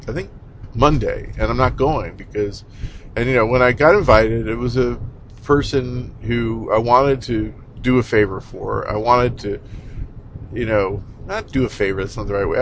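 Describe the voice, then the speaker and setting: A man's voice: mid-range voice, a little hiss or hum, low-quality recording. A man talking casually in a rambling, conversational way, with lots of fillers and a blunt, exasperated edge. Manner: exasperated, blunt, mild swearing. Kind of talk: casual monologue.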